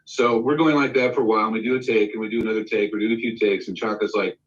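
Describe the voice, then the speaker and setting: A man's voice: on the low side, racing, far from the mic, muffled recording. Man telling a studio story, a bit off-mic. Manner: animated anecdote with acted-out quotes. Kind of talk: casual storytelling on a live stream.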